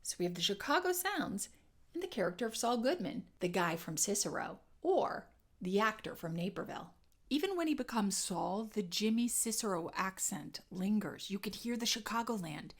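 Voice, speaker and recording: A woman's voice: mid-range voice, sing-song, moderate pace. A woman teaching an accent lesson, modeling and repeating sounds as she explains. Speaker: dialect coach.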